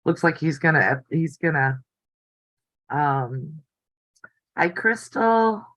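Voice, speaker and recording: Older lady rambling on her live stream, slow easygoing talk, dry close sound. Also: sits low, lively intonation, a bit bright, no room sound, low-quality recording. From United States. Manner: chatty, rambling, easily delighted. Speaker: quilting channel host. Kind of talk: casual live-stream chat. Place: home craft room.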